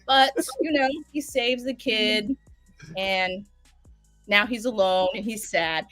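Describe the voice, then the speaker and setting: A woman recapping a show in casual, profane, animated storytelling. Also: mid-range voice, slow pace, dry recording, soft background music. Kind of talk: casual chat.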